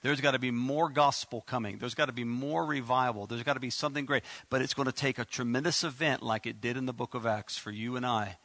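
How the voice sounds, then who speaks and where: A man preaching a sermon as pastor, emphatic, with sudden loud bursts and quick asides. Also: mid-range voice, fairly even intonation, no room sound.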